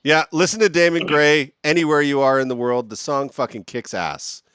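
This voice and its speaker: A man hosting a casual podcast, joking and animated as he talks with his guests. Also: on the high side, smooth, dry recording, studio quality. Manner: joking, animated, quick to laugh. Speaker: podcast host.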